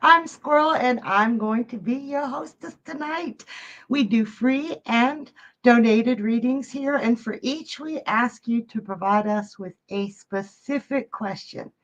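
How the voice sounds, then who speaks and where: A woman's voice: a little high, unhurried, highs cut off. A woman hosting a live psychic reading stream, chatty and upbeat, greeting viewers and reading their chat messages aloud.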